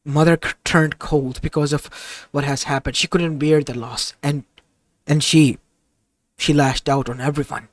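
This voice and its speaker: Rich: A motherly goddess, tender and grieving, her words halting, as a man voices her in his own fairly high register. Recorded close and dry. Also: fairly even intonation, no echo, close to an everyday voice. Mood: sorrowful. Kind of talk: improvised fan-fiction audio story.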